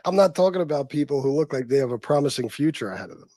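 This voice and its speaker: A man's voice: a little high, animated, fairly quick, pauses often, warm tone, dry recording, clean studio sound. A man hosting a casual livestream, talking bluntly and crudely and rambling with lots of fillers. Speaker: livestream host.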